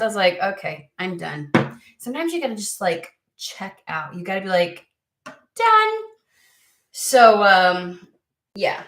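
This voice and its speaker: An American woman talks loosely to her viewers, trailing off and restarting her sentences over and over. Her voice sits at an ordinary middle pitch, and the room around her rings with a noticeable echo. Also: a bit bright. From United States. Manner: rambling, halting, many fillers and restarts. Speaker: tarot reader. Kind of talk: casual chat to camera. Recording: echoey room.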